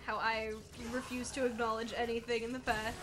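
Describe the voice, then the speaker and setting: A woman's voice: a little high, flat delivery, brisk, background noise. A woman co-hosting a casual gameplay chat, blunt and swearing freely, with many filler sounds. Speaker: co-host. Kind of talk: casual chat during a game playthrough.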